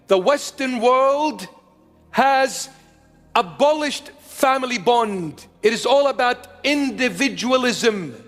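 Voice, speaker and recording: High-voiced, slow-preaching man in his fifties. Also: lively intonation, a bit bright, long reverb tail. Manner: emphatic, repetitive preaching. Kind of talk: sermon.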